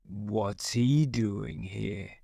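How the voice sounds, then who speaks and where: A man's voice: fairly low pitch, drawn-out words, creaky, dark tone, no room sound, clean studio sound, pitched below the performer's own voice, heavily acted. A man voicing a stern emperor giving clipped commands to his officers in a storybook.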